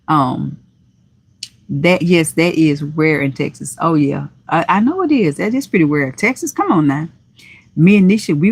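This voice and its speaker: A middle-aged woman hosts a relaxed livestream in a low, husky voice, chatting with viewers in a folksy, affectionate way. She bursts into high exclamations now and then. The sound is close and dry, with no room around it. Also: no room sound. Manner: folksy and chatty, reading viewer comments aloud with drawn-out endearments; animated, with sudden high exclamations. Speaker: livestream host. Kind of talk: casual livestream chat.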